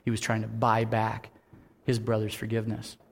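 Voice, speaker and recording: A man preaching a sermon as pastor, who acts out quoted voices in an animated way and drops to a soft voice for his earnest points. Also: on the low side, moderate pace, gravelly.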